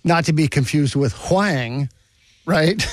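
Jokey male radio co-host, lively pitch. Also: slow, no echo, clean studio sound. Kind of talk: casual radio banter. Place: radio studio.

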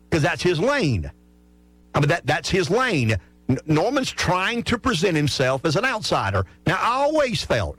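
A man giving talk-radio political analysis, animated and often repeating words as he restarts. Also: a little high, dry recording. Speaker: political commentator.

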